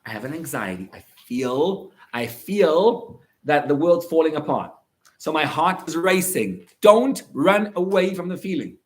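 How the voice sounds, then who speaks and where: A man gives an animated talk to high school students as a rabbi. His pitch swings widely as he acts out little scenes and quotes. He keeps it casual and conversational, never stiff. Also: measured pace. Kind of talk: lively motivational talk.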